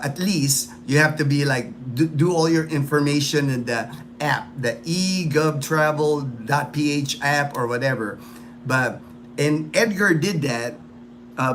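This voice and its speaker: A man's voice: fairly high pitch, a bit bright, slight background noise. A man hosting a casual livestream chat, rambling and repeating himself with lots of fillers. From United States. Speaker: livestream host.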